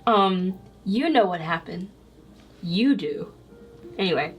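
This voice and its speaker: A woman's voice: fairly low pitch, lively intonation, takes it slowly, faint music behind. A woman game master narrating a tabletop game, chatty and loose, often laughing between lines. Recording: clicking noise in background.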